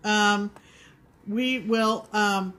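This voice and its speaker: A woman co-host talks casually to her viewers about stitching. Her delivery is measured and halting, full of pauses, and her pitch sits in an ordinary middle range. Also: steady tone, fairly bright tone. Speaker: co-host of a cross-stitch show.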